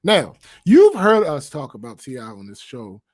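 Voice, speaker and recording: A man's voice: a little high, wildly swooping pitch, normal speed, darkish tone. A man co-hosting a podcast in casual chat, blunt and profane, often laughing. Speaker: podcast co-host.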